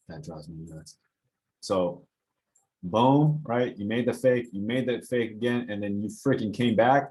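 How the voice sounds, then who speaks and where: A young man, a basketball trainer, casually talking through game footage, getting animated and exasperated as he goes. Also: on the low side, moderate pace, poor audio. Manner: animated, gets worked up and exasperated. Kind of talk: casual film-breakdown commentary.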